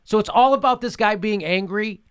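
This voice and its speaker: High-pitched dude ranting on his show, sarcastic, swears a lot, keeps repeating himself. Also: normal speed, fairly bright tone, smooth. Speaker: host. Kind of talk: heated political commentary.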